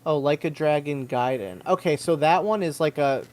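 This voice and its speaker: A man's voice: fairly high pitch, moderate pace. A man co-hosting a casual gaming livestream, rambling and hesitant as he works out what he means. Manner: hesitant, rambling, full of restarts. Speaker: podcast co-host.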